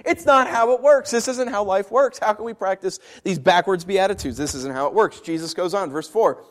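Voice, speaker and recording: A man preaching a sermon, asking rhetorical questions and swinging from quiet asides to loud declarations. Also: high-pitched, fairly quick, hardly any pauses.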